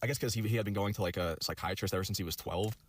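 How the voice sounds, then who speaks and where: A young man rattles off a personal story at breakneck speed. His voice sits a little low. He rambles and piles up filler words and profanity as he goes. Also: racing. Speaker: storyteller in a video clip.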